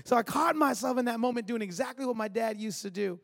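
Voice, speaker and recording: A man's voice: very high-pitched, quick pace, creaky, a bit bright. A man in his thirties, a pastor giving a conversational sermon with storytelling and emphatic asides. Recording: long reverb of a large hall.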